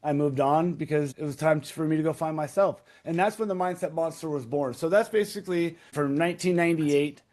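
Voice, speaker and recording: Higher-voiced man telling an intense story. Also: brisk, few pauses, darkish tone. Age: 30s. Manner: emphatic, repeats key phrases, swears. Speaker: podcast guest.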